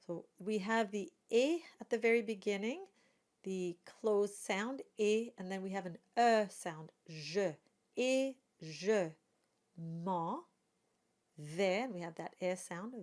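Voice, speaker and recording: A woman walks a student through pronunciation at an unhurried pace. She models each sound carefully and repeats it. Her pitch sits in an ordinary middle range. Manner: patient, models sounds slowly and repeats them. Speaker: singing and pronunciation coach. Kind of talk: pronunciation lesson.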